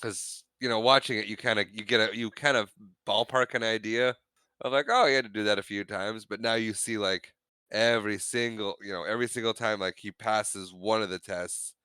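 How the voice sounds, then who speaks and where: A man's voice: lowish voice, steady tone, a little fast, pushed and bright, clear, resonant tone, no echo. A man co-hosting a podcast, casually recapping a movie scene by scene and acting out the characters' lines. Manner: retells scenes acting out quotes. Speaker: podcast co-host.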